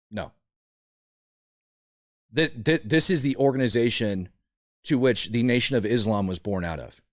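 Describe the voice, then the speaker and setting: A man's voice: lowish voice, no room sound, studio quality. A man hosting an opinion show, blunt and indignant, often stumbling over repeated words as he rants. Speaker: commentary show host. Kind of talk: opinionated political commentary.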